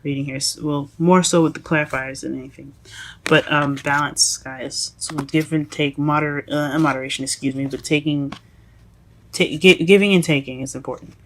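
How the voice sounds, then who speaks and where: A woman giving a casual tarot reading to her viewers, halting and self-correcting as she goes, often calling them "guys". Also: low voice, steady tone. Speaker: tarot reader.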